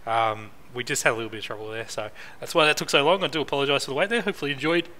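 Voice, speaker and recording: A man's voice: medium pitch, racing, pushed and bright. A man hosting casual race commentary on a live stream, joking and laughing often with crude banter.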